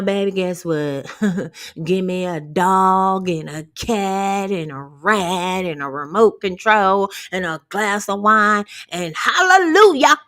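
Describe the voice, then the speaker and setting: A woman with a mid-range, fairly bright voice gives viewers a casual motivational rant as an empowerment vlogger. Talking directly to them, she's sassy and profane, blunt in tone, and quick to laugh.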